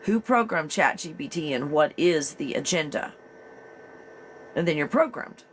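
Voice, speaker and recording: A woman's voice: low-pitched, lively intonation, a little slow, a little hiss or hum. A woman hosting a live morning stream, chatty and rambling, often breaking into laughter. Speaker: live show host. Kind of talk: casual live-stream talk.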